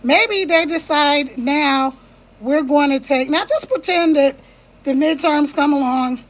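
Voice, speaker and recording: Her voice sits high and she speaks at a slow pace. Passionate throughout her monologue, she returns again and again to "right?" to make sure her listeners are with her.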